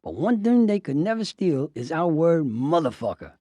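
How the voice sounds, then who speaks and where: A man voicing a brash boxing promoter who holds forth like a preacher, in a loud, rousing cadence. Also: fairly high pitch, very animated, moderate pace, dry recording. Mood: preaching.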